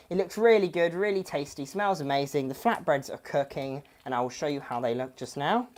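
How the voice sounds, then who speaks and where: Brief: female cooking host, low voice, chatty, fond of corny jokes. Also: expressive, brisk, few pauses, a little mellow. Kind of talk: casual cooking demonstration.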